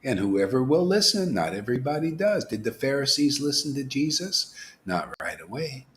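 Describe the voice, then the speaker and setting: A man giving an informal, animated devotional talk as a spiritual teacher, dropping to whispers and rising to exclamations. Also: medium pitch, moderate pace. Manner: animated preaching, swings from whispers to loud exclamations.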